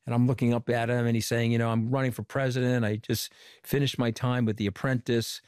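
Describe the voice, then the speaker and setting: A middle-aged man from Long Island, giving an interview as a former communications director and telling animated stories with quoted dialogue. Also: mid-range voice, brisk, smooth, dry recording, studio quality. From Long Island, New York. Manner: animated storyteller who quotes people in dialogue. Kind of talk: conversational storytelling interview.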